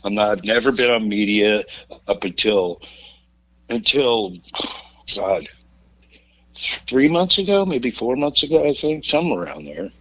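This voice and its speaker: A man's voice: lowish voice, expressive, a little slow, pauses often, highs cut off. A rock singer in his fifties, a podcast guest, telling wild road stories in casual chat, laughing through them, swearing freely and cracking jokes. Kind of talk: raucous storytelling in casual chat.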